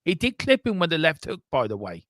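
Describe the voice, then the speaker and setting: A man hosting a football watchalong, chatting casually in a rambling, animated way and swearing now and then. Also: on the high side, a little fast, no room sound. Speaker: watchalong host.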